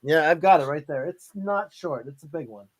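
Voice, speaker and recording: A man's voice: on the high side, expressive, moderate pace, no room sound. A man hosting a casual podcast chat, laughing often and teasing his co-host.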